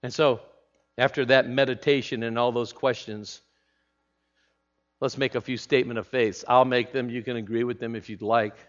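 A male pastor preaching a sermon, swinging between hushed, slow phrases and loud, emphatic declarations. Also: medium pitch, little pitch movement. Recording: slightly dull lo-fi sound.

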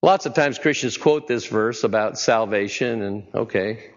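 A man's voice: on the low side, a little slow, big-room sound, highs cut off. A man preaching a sermon in a conversational way, often putting questions to his listeners. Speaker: pastor.

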